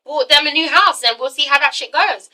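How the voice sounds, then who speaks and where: A woman's voice: high voice, brisk, bright, forceful tone, low-quality recording. A woman recapping a TV episode in a chatty, sassy, profane vlog. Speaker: TV show reviewer.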